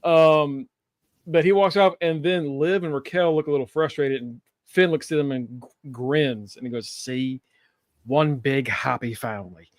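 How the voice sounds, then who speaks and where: A man co-hosting a wrestling podcast, recapping the show in a relaxed way and laughing often. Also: a little high, moderate pace, no room sound, studio quality. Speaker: podcast co-host.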